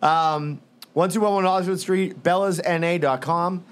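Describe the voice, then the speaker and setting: A man's voice: high-pitched, a little slow, smooth. A man, a podcast co-host from the Boston area, casually reading sponsor plugs and swearing bluntly. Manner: blunt, profane, laid-back.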